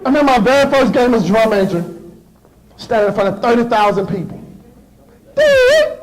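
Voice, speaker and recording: A man in his thirties giving a motivational speech to students, telling stories in an animated way and acting out voices and sound effects. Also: high voice, fast talker, very noisy. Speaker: motivational speaker. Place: school assembly.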